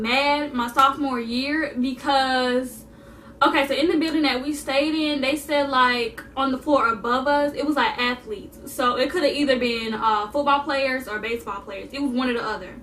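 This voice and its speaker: Sassy high-voiced young woman vlogger. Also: far from the mic, a little hiss or hum. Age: young adult. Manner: animated, sassy, repeats for emphasis. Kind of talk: casual storytime vlog.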